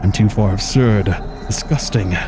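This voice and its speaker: A gaming streamer with a lowish voice speaks a little slowly, dramatically reading a video game's story text aloud and slipping in wry asides between passages. The background is noisy, with game music playing.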